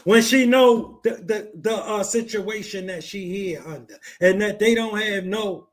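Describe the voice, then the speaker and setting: High-voiced man giving blunt commentary. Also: a little slow. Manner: blunt, dismissive, slangy. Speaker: podcast host.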